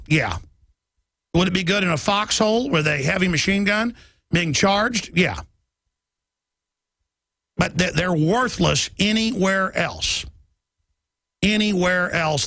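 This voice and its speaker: A middle-aged man hosting a talk radio show, ranting in a heated, rapid political monologue. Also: fairly high pitch, creaky, a bit bright, dry recording.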